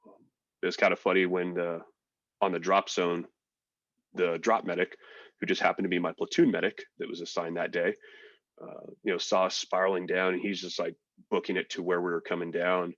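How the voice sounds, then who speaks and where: A man, a military veteran and podcast guest, telling his story in a relaxed, frank way with fillers and swearing. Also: low-pitched, a little fast, dry recording, highs cut off. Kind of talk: casual storytelling.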